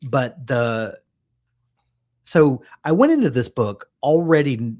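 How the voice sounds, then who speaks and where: A man co-hosting a casual book chat, thinking aloud in a rambling way with many pauses. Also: medium pitch, mellow. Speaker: podcast co-host.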